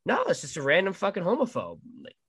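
Animated, profane man in casual chat. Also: high voice, fast, husky. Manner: animated, profane, acts out quoted reactions.

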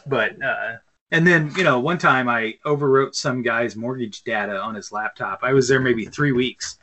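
A man's voice: mid-range voice, background noise. A man in his thirties co-hosting a casual podcast chat, telling long rambling stories with lots of fillers and restarts. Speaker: podcast co-host. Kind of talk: casual chat over beer.

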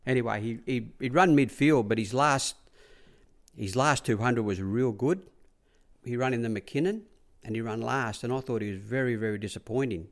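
A man's voice: mid-range voice, normal speed. A middle-aged Australian man, a former track rider, telling rambling stories in a casual interview, acting out what others said and repeating "I said" often. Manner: rambling anecdotes, acts out quoted dialogue, repeats "I said".

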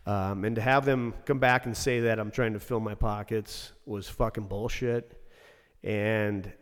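A man's voice: on the low side, steady tone, unhurried, big-room sound. A man, a former ice rink manager, talking bluntly and with plenty of swearing in a casual podcast chat. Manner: blunt, profane, ranting.

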